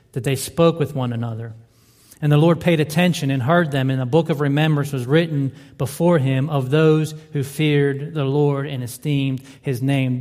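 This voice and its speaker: A man's voice: mid-range voice, a little mellow. A man preaches a sermon, pressing his point through repeated, emphatic rhetorical questions. His mid-range voice carries a long reverb from the church hall around him. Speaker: pastor.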